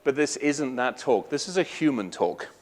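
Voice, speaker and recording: A man's voice: medium pitch, animated, normal speed. A middle-aged Welsh man giving a casual, irreverent conference talk, joking and swearing freely. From Wales. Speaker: conference speaker.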